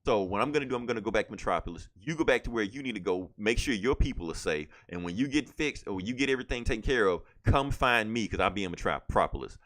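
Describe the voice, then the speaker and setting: Man, low voice, casual podcast host, rambling comic recap, filler words. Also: lively intonation, fast, few pauses, fairly bright tone. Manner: rambling, filler-heavy retelling with quoted lines.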